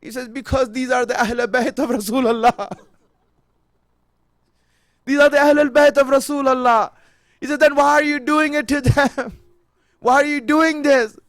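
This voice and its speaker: A man with a high-pitched voice delivers a sermon, repeating his phrases and climbing from hushed tones to near-shouts. The sound is dry and close, with little room echo. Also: steady tone, unhurried, pauses often. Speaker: preacher.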